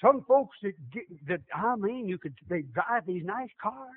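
Man preaching, very high voice, lively swooping pitch, call-and-response, thin phone-like radio sound. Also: moderate pace. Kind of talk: sermon. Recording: tinny lo-fi radio broadcast.

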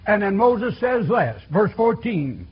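Husky, lively preacher with a high voice. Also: male voice, slow pace, dull audio. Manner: folksy, repetitive call-and-response preaching. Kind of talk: sermon.

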